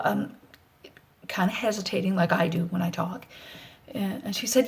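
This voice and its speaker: A middle-aged woman talking candidly in a personal vlog, rambling and blunt, swearing freely, anxious, and often dropping into a soft whisper. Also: mid-range voice, steady tone, fairly quick, creaky, pauses often. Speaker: vlogger.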